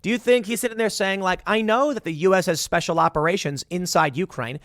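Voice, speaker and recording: A man's voice: high voice, a little fast, no room sound, clean studio sound. A man hosting a political commentary show, talking in a sarcastic monologue and mocking the people he quotes. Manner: animated, sarcastic, acts out quotes in mocking voices.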